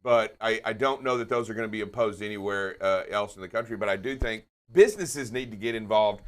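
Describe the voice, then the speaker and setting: A man's voice: lowish voice, a little fast. A man co-hosting a live trucking show, talking in an emphatic, jokey, big-hearted way. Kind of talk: casual live-stream chat.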